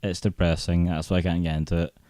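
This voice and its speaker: Low-voiced teasing man. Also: little pitch movement, quick pace, dark tone, no room sound, clean studio sound. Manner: teasing, dramatic storytelling. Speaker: podcast co-host. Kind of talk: casual chat.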